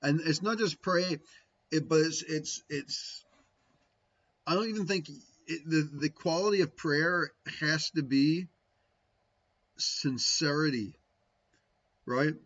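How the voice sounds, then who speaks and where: A spiritual teacher with a slightly high, fairly bright voice talks a little slowly, his audio lo-fi. Answering viewers on a casual livestream, he muses and rambles about spiritual practice with frequent "right?" tags.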